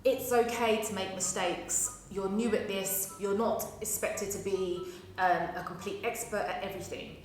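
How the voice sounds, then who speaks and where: A woman's voice: medium pitch, fairly even intonation, normal speed, few pauses, faint music behind. A woman teacher speaking reassuringly about making mistakes and asking for help. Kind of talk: casual advice talk. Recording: very roomy room, faint noise.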